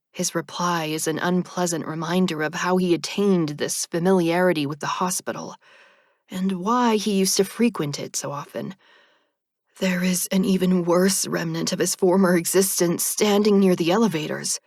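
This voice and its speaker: A woman narrating an audiobook in the first person with a measured, soft delivery. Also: lowish voice, no room sound, clean studio sound.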